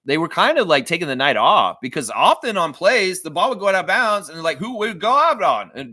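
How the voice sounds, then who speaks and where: A fairly high-pitched man talks at a normal speed with few pauses as he hosts a casual basketball reaction livestream for fans. Animated and loose-tongued, he swears freely and acts out quotes from others. No echo is present.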